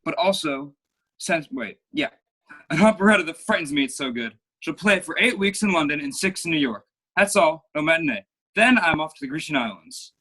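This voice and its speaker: A man's voice: a little high, expressive, brisk, bright, forceful tone, breathy edge, full character voice. A young man playing a flamboyant, vain playwright in a school play over a video call, with florid, theatrical delivery. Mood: grandiose. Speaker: student actor.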